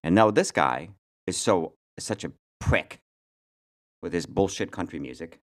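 A man's voice: sits low, expressive, measured pace. A male podcast host in casual chat, blunt and ranting, often repeating his words.

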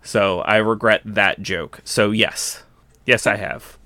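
A man's voice: fairly low pitch, steady tone, slow pace, pushed and bright, dry recording. A young man in casual recorded chat, rambling with many fillers and restarts.

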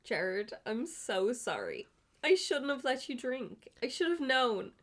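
A woman's voice: on the high side, big pitch swings, takes it slowly, pitched above the performer's own voice, full character voice. A woman reading fan fiction aloud, voicing a heartbroken young lover pleading melodramatically at a hospital bedside.

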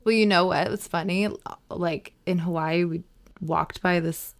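Blunt, low-voiced woman on a podcast. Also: fairly even intonation, unhurried. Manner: casual and blunt, swears freely, filler-heavy. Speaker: podcast co-host. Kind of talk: casual chat. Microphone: remote call mic.

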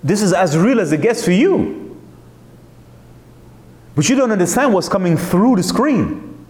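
A man's voice: high voice, lively intonation, measured pace, a little mellow, roomy sound. A man hosting a talk, speaking in an emphatic, searching way, full of rhetorical questions and restarts. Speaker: host. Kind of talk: reflective monologue.

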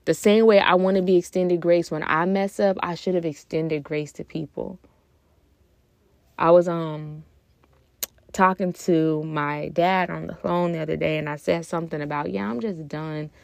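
A woman's voice: lowish voice, steady tone, normal speed, gravelly, no echo. A young woman hosting a podcast, speaking earnestly and from the heart in a reflective personal talk, with hesitant fillers along the way. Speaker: podcast host.

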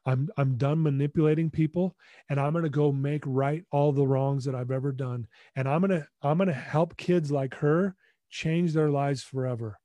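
A man telling a personal story as a podcast guest, in an emphatic, animated way. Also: a little high, normal speed, no room sound.

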